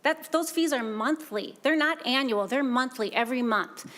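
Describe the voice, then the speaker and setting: A woman's voice: high voice, normal speed, a bit bright. Emphatic woman testifying at a hearing. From Minnesota. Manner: earnest, emphatic, repeats key points. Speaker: solar business owner testifying. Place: legislative hearing room.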